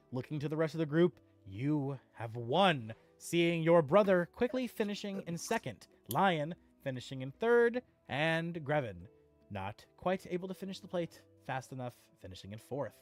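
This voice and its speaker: A woman running a tabletop game as dungeon master, narrating scenes descriptively with the odd filler. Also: sits low.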